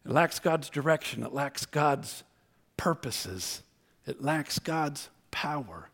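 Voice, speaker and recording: A man preaching a sermon as pastor, humorous and conversational, swinging between loud emphasis and quiet asides. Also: on the high side, animated, slow pace, gravelly.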